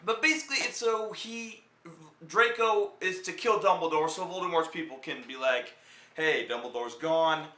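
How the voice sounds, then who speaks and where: A man's voice: high voice, moderate pace, pushed and bright, roomy sound. A young man giving a rambling, profane, joking film review as a vlog host.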